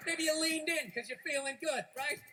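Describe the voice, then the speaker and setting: A middle-aged man performs stand-up, his voice sitting high with a bright, sharp edge. He rants with plenty of profanity and bursts into shouts. A faint hiss sits underneath. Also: moderate pace. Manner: loud, profane ranting with shouted outbursts. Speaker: stand-up comedian. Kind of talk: stand-up comedy routine.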